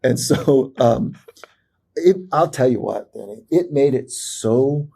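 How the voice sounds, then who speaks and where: A man, a performance psychologist, telling a personal story as a podcast guest in an animated way, with fillers and restarts. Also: medium pitch, takes it slowly, vocal fry, slightly rough. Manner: animated storyteller who acts out quoted voices, many fillers and restarts.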